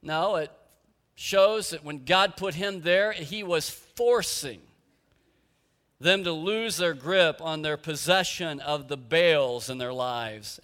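A man's voice: a little high, a bit bright. A man preaching a sermon as pastor, earnest and emphatic, with rhetorical questions, in a church sanctuary. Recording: echoey hall with long reverb.

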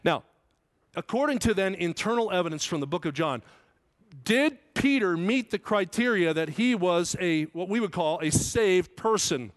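A man's voice: lively intonation, moderate pace. Man preaching a sermon. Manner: preaching with sudden loud high emphasis on quotes; asks the congregation questions. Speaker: pastor. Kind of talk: expository sermon.

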